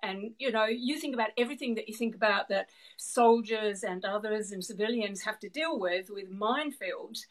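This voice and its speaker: A middle-aged woman with a New Zealand accent, a guest expert on a video call. She answers at length, in an animated way, laughing now and then and repeating words as she works out her thoughts. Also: mid-range voice, moderate pace, hardly any pauses, poor audio. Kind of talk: explanatory interview answers.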